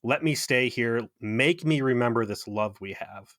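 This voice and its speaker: A man's voice: medium pitch, unhurried, a bit bright, no echo, studio quality, lightly acted. A man mockingly voicing a lovesick alien woman who pleads earnestly with her lover. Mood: pleading.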